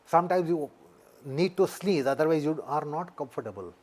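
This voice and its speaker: A man with an Indian English accent, a yoga teacher, explaining things deliberately in an interview and repeating his key points. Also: on the high side, expressive, a little mellow.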